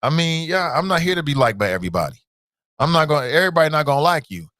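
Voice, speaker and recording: A man's voice: a little high, sing-song, rapid-fire, pushed and bright, no room sound. A man hosting a call-in talk show, blunt and emphatic, repeating his points. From United States.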